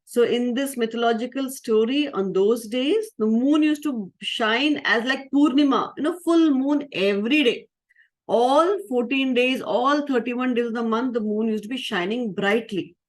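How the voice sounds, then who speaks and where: Lively woman telling a story to children. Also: a little high, measured pace. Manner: lively, asks the audience questions. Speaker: spiritual teacher.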